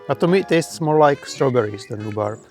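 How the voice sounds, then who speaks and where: A man co-hosting a homesteading vlog, chatting casually outdoors in a garden with dry, deadpan humor. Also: mid-range voice, fairly quick, soft background music. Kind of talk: casual chat.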